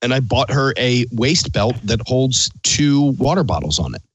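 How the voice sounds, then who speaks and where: A man's voice: mid-range voice, sing-song, moderate pace, slightly rough, no room sound, low-quality recording. A man in his forties hosting a casual podcast, blunt, profane and joking. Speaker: podcast host.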